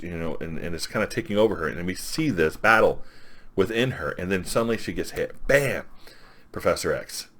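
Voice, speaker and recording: A man casually retelling a comic book story as a reviewer, with lots of fillers and quoted lines. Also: sits low. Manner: rambling, filler-heavy recap with quoted lines.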